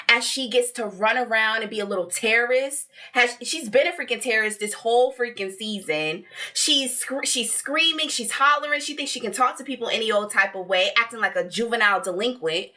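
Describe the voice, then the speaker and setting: Bright, animated woman recapping reality TV. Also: a little high. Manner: animated, laughing, blunt and profane. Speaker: podcast co-host.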